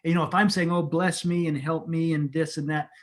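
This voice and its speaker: Reflective man, fairly high voice. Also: fairly even intonation, fairly quick. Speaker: co-host. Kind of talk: conversational chat.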